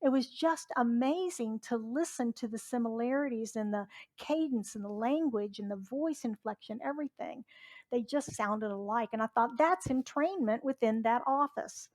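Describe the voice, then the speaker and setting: A middle-aged woman reverend from Southwest Virginia delivers a conversational sermon in a church sanctuary, putting questions to the congregation. Her voice is a little high and slightly mellow, at a moderate pace.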